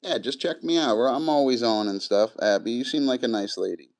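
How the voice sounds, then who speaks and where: A man's voice: medium pitch, brisk, low-quality recording. A middle-aged man chatting loosely on a live stream, swearing often and rambling between stories and replies to chat.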